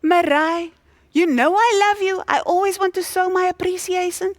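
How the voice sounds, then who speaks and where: A woman telling a joke and voicing a doting husband who recites a corny love poem with theatrical, drawn-out delivery. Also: extremely high pitch, no room sound, clean studio sound, pitched above the performer's own voice. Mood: mock romantic.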